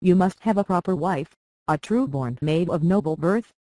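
Audiobook: reader plays gentle young highborn girl, soothing, even-pitched, dry read. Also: moderate pace, no echo, close to an everyday voice, low-quality recording. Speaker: lady tending a young lord. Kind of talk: audiobook character reading.

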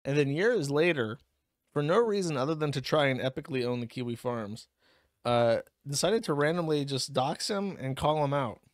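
A man's voice: on the high side, normal speed, no room sound. A man hosting a stream and giving casual, wry commentary over clips. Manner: dry, wry, rambling. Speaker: show host.

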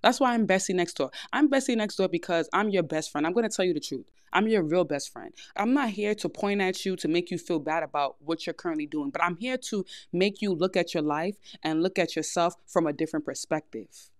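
A woman's voice: lowish voice, a little fast, few pauses, dry recording, studio quality. Blunt New York woman giving advice. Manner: blunt, frank big-sister advice. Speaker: podcast host. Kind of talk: casual advice monologue.

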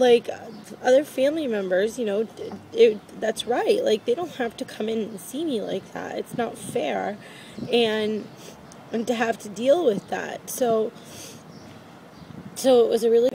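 A woman's voice: on the high side, a little mellow, rough recording. Rambling woman over background noise. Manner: rambling and repetitive, with many fillers. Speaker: vlogger. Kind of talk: personal vlog confession.

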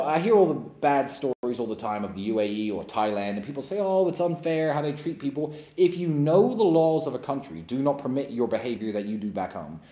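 Blunt, lively man ranting on stream. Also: mid-range voice. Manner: blunt, emphatic, mocking. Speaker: livestream host. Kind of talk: opinionated live-stream monologue. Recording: roomy echo.

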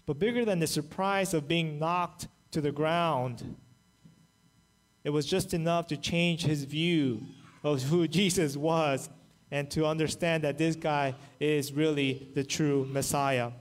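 High-voiced man preaching a sermon. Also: unhurried. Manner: animated storytelling, acts out quoted voices. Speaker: pastor. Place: church, online service.

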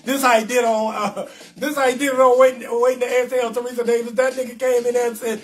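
Brash high-voiced comedian hosting live. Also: male voice, fast. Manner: brash, profane, animated, talks straight to viewers. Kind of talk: loud comedic live-stream rant.

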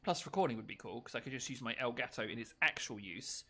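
A man's voice: mid-range voice, expressive, fast talker, bright, forceful tone, a little hiss or hum. A man giving casual, joking, self-mocking commentary over a video game match.

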